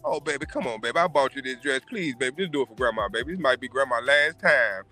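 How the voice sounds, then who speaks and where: A man voicing an elderly grandmother who softly pleads with her grandchild, using endearments. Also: mid-range voice, quick pace, faint music behind. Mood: pleading. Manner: pleading, soft, repeating terms of endearment.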